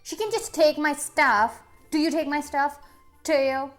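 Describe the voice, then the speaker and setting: A cross little schoolgirl, put on by a woman, nags and repeats herself in a raised, childish voice. She grumbles about a classmate, stringing together quick, petulant questions. Soft music plays faintly behind her. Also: sits high, fairly even intonation, pitched above the performer's own voice. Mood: indignant. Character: sulky angry schoolgirl with two ponytails. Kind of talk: acted coaching skit.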